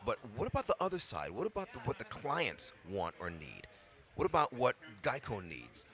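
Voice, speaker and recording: A man's voice: mid-range voice, normal speed. A man from Brooklyn, a voice actor, talking reflectively and expressively as a guest in a casual interview. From Brooklyn, New York. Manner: reflective, expressive, animated storyteller. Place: convention floor.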